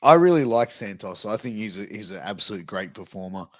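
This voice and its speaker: A man's voice: lowish voice, expressive, brisk, no echo, clean studio sound. A man co-hosting a wrestling review podcast in casual chat, laid-back and swearing casually. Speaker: podcast co-host.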